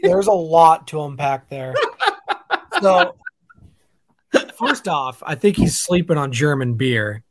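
A man co-hosting a casual sports podcast. He talks in a joking, animated way and shares strong opinions freely. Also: a little high, slow, long pauses. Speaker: podcast co-host.

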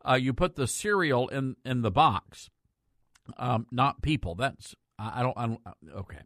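A man's voice: mid-range voice, expressive, normal speed, fairly bright tone, dry recording, studio quality. A man hosting a podcast, chatting and reading odd news with wry jokes that trail off. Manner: wry, joking, trails off into mumbles. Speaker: podcast host. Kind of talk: casual chat with joke news reading.

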